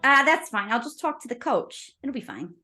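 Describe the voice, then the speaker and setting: A woman's voice: high-pitched, sing-song, normal speed, sharp tone, faint music behind, full character voice. A woman voicing a cheerful, confident teenage girl superhero in a tabletop role-play, giggly and teasing. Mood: breezy.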